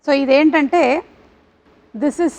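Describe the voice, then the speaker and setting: Host, woman, very high and very fast voice, chatty code-switching questions. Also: fairly even intonation, a little mellow. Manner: rapid, mixes Telugu and English. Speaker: interviewer, host. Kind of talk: casual interview chat.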